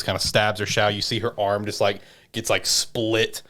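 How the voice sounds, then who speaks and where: A man hosts a podcast and talks through an anime episode in a loose, rambling way. His voice sits fairly low. He leans on fillers and the odd swear word as he tells the story. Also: level tone, normal speed, bright, forceful tone. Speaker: podcast host. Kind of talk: casual recap of an anime episode.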